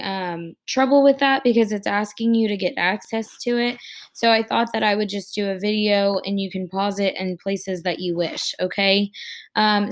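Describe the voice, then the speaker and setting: A woman teacher giving her students casual recorded instructions, halting and hesitant as she works through what she wants to say. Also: medium pitch. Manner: halting, with frequent fillers and restarts.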